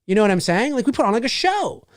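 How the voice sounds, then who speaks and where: Brief: man in his forties, livestream host, animated and swearing, with a dry, close sound. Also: very high voice, fast, dry recording. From Canada. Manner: animated, profane, laughs often. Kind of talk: casual livestream chat.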